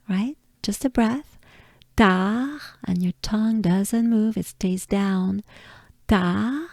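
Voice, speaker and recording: A woman from France with a French accent, patiently teaching pronunciation and repeating each sound slowly. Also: mid-range voice, creaky, darkish tone, no room sound, studio quality. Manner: patient, drills words by repeating them. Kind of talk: slow pronunciation lesson.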